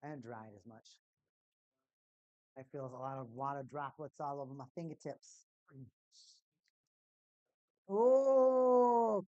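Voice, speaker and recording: A woman hosting a casual live stream at home, chatty and repeating her catchphrases in excited bursts. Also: sits low, slow pace, pauses often, no room sound, dull audio.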